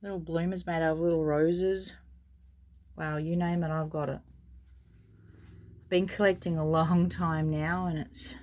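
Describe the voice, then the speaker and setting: An Australian woman talks her way through a casual tour of a nursery at home. Her voice sits a little low, and she gushes softly and rambles with plenty of fillers. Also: little pitch movement, measured pace, long pauses. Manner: soft-spoken, gushing, rambling with fillers. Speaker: vlogger.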